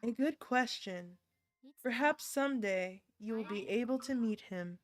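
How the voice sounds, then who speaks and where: A woman voicing a calm, gentle mother in a game, speaking in a measured, formal way. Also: fairly high pitch, no room sound, studio quality, soft background music, natural voice.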